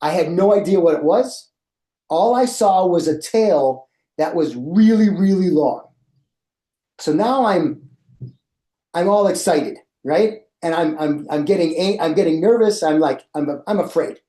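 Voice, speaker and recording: Animated man telling a story, echoey room. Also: fairly high pitch, unhurried. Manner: animated, acts out his own past reactions. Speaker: presenter for educators. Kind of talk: storytelling in a presentation.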